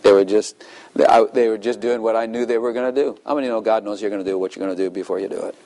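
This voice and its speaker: A man's voice: on the low side, fairly even intonation, racing, mellow, low-quality recording. An older man preaching a sermon in a loose, conversational way, asking the congregation questions and chuckling between points. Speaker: pastor.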